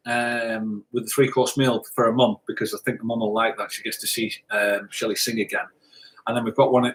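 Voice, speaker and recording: A man's voice: mid-range voice, fairly bright tone. Man co-host, casual live chat, jokey, reads comments, trips on words. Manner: chatty, jokey, stumbles over words.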